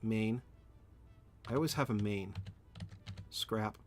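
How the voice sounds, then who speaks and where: A man's voice: fairly low pitch, takes it slowly, slight background noise. A man thinking aloud while streaming a game at home, answering chat and often correcting himself. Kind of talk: live gameplay commentary, answering chat.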